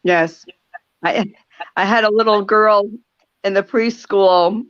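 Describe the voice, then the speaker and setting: An older woman hosts a talk radio show, sharing stories in a reflective, tender way with frequent pauses. Her voice sits at a middle pitch. The recording is dry and slightly muffled. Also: fairly even intonation, clear, resonant tone, no room sound. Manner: reflective, pausing, softly emotional storytelling. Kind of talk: heartfelt conversational talk.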